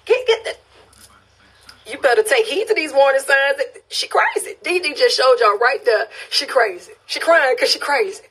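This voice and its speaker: Streaming casually from her phone, a Louisiana woman with a matching accent reads out comments from viewers, laughs a lot and says phrases twice for emphasis. She has a high, somewhat bright voice.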